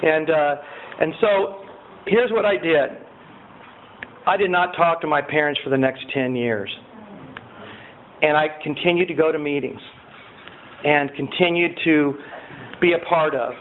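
Animated high-voiced man telling his recovery story. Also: unhurried, long pauses. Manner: animated storyteller, with many fillers, who raises his voice when reliving scenes. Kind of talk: personal testimony talk. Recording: tinny phone-like sound with faint noise.

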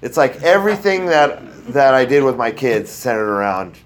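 A man's voice: mid-range voice, very animated, normal speed. Rambling man sharing a recovery story. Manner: rambling and self-deprecating, with many fillers and restarts. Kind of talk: casual personal testimony.

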